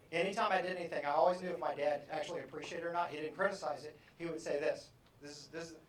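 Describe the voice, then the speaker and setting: Middle-aged man, motivational speaker, jokey and animated, heard from a distance. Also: on the high side, a little hiss or hum. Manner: animated, jokey, acts out characters. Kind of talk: live keynote talk to an audience. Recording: echoey hall from far off.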